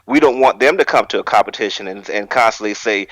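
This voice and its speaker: A man with a lowish voice builds a measured, drawn-out argument on a podcast panel. The sound is dry and close, with no room echo. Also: a bit bright. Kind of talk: casual panel discussion.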